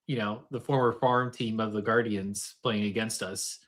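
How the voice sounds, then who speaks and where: A man's voice: lowish voice, normal speed. A man co-hosting a casual sports podcast, talking loosely with plenty of ums and uhs. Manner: relaxed, lots of fillers. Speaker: podcast co-host. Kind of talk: casual sports chat over beers.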